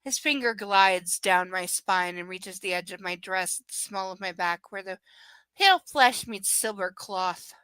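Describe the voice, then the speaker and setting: A woman's voice: mid-range voice, a little slow, sharp tone, smooth, dry recording. A woman reading a romance novel aloud on a live stream, breaking off for chatty, sarcastic asides and casual swearing. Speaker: live reader and commentator.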